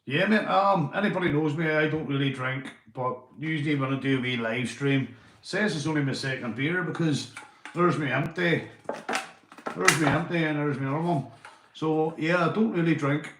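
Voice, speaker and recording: A Northern Irish man live-streaming from home, chatting casually, swearing and giving shout-outs to his viewers. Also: a little high, normal speed, roomy sound, slight background noise. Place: indoors at home.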